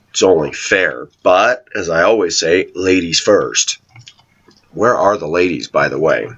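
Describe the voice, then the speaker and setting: Deep-voiced man preaching casually, lo-fi. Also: a bit bright, breathy edge. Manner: storytelling, laughs often, rhetorical questions. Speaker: online Christian commentator.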